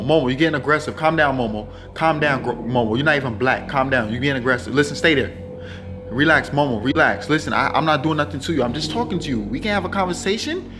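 A young man doing a comedy skit for his channel, loud and dramatic, swinging between pleading and yelling. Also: a little high. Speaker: comedy vlogger.

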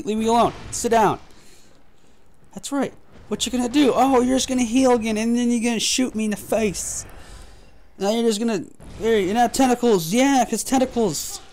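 Male gaming host, high voice, profane running commentary. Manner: frustrated, profane trash talk. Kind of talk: gameplay commentary.

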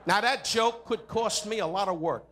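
A man works a hotel ballroom at a podium microphone, firing off insult jokes and mock-sincere asides. His voice sits on the higher side, and he keeps bridging bits with "anyway, uh." A faint ambient noise hangs behind him. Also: normal speed, fairly bright tone. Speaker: comedian roasting the guest of honor. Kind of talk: insult comedy roast. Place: hotel ballroom at a benefit dinner.

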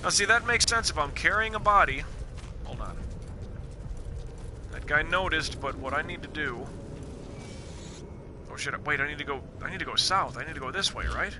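A man streams a video game live, chatting casually, joking, swearing and thinking aloud as he plays, in relaxed let's play commentary. His voice is fairly high with lively intonation, at normal speed with frequent pauses. Game music plays and the background is noisy.

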